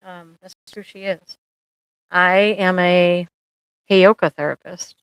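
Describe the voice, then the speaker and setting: A woman therapist talks casually on her own live stream, chatty and quick with a joke, always reaching for an analogy. Her voice sits a little low and sounds smooth and clear. The mic is close, with a dry sound and no room around it. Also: fairly even intonation, fairly bright tone, no room sound, poor audio. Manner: chatty, jokey, uses analogies and playful asides. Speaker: therapist and livestream host.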